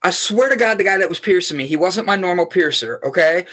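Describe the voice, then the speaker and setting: A man guest on a podcast, telling rambling, animated stories and swearing freely in casual chat. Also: sits high, fast talker.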